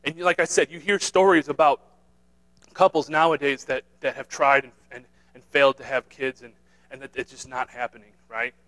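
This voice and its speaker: A man's voice: medium pitch, fairly even intonation, normal speed, a bit bright, low-quality recording. A man preaching a sermon in an earnest way, repeating himself, restarting phrases and asking his listeners "right?". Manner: earnest, repetitive, with many restarts and "right?" tags.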